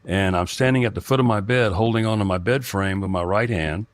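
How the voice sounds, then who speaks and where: A middle-aged man telling a personal story in a halting way, with many restarts and fillers. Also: on the low side, no echo. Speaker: guest telling a personal experience. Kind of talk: rambling first-person storytelling.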